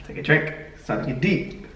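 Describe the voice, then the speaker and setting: A man's voice: moderate pace, a little hiss or hum. A man telling a story in casual chat, acting out the other people's lines and laughing often. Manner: animated, acts out quoted dialogue, laughs often. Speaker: podcast co-host telling a story. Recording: echoey room from a distance.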